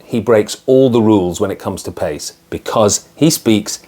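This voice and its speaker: A man teaching public speaking in a video lesson, talking clearly and deliberately stressing key words. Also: lowish voice, warm tone.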